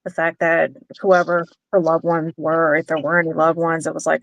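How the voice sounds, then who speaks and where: Brief: woman guest, thoughtful, low gravelly voice, dry close sound. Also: little pitch movement, normal speed, no room sound, dull audio. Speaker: book club guest. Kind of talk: casual podcast discussion.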